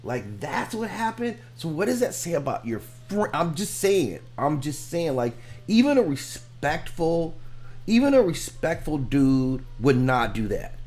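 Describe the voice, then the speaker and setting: A man's voice: fairly high pitch, sing-song, measured pace, a little mellow, faint music behind. A man hosting a reaction video, giving frank, rambling commentary and repeating himself as he makes his points. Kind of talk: casual commentary.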